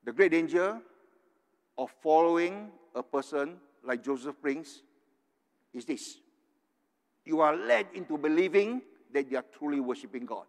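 A man's voice: fairly high pitch, lively intonation, measured pace, pauses often. An older man from Singapore preaching a sermon, earnest and tagging his points with "right?". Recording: long hall reverb.

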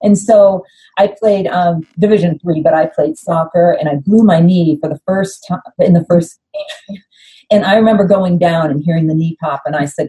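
Speaking at a normal pace in a fairly low voice, this former Olympic skier, a middle-aged American woman, recounts stories as a podcast guest. The interview is casual, and she performs quoted lines with lively energy over poor-quality audio.

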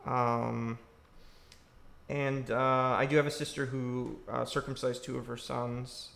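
Gravelly man fielding audience questions. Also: medium pitch, little pitch movement, takes it slowly, a bit bright. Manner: reflective, searching for words. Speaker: filmmaker answering audience questions. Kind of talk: casual Q&A after a screening. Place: church used for a screening.

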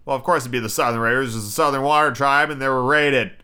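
A man's voice: mid-range voice, steady tone, fast talker, noisy background. A man giving a casual, rambling show review, swearing often and filling his talk with "like.". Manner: profane, filler-heavy, frequent "like".

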